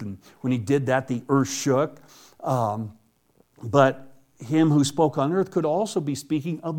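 Male preacher, fairly high voice, conversational Bible teaching. brief: delivering a sermon. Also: a little mellow. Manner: conversational, repeats words.

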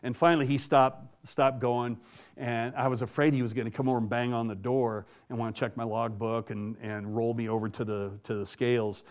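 Male guest, mid-pitched, folksy testimony with frequent chuckles and stumbles. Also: little pitch movement, fairly quick. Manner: chuckles often, restarts and repeats words; folksy, plainspoken storytelling. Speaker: guest telling a personal faith story. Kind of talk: casual spoken testimony.

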